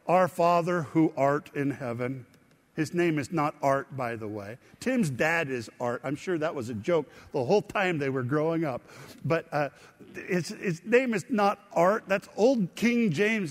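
A man's voice: on the high side, long reverb tail. A middle-aged male pastor preaching a conversational sermon, often putting questions to the congregation. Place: church sanctuary.

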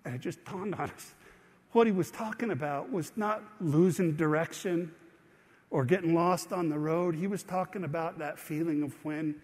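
Middle-aged man, pastor, conversational sermon, fairly high voice, long church reverb. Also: moderate pace, a little mellow, slightly rough. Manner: conversational storytelling preacher, asks the congregation questions. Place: church sanctuary.

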